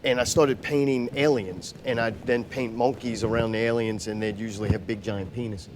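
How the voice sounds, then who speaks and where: A man appears as a podcast guest, chatting casually in an interview about booking shows, as he is a show booker. He's blunt and wry with a self-mocking streak, using a mid-range voice, fairly even intonation and normal speed, with a little hiss or hum.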